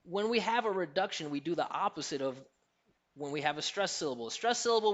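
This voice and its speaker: A man's voice: fairly high pitch, expressive, a little fast, fairly bright tone, muffled recording. A man with an American accent, an accent coach answering interview questions in an emphatic, teacherly way and demonstrating pronunciations.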